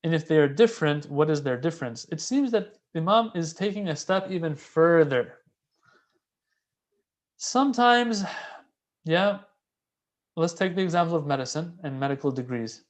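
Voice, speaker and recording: A man giving a casual, conversational religious lecture, animated and repeating key phrases for emphasis. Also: on the high side, normal speed, long pauses. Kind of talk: casual sermon explaining a classical text.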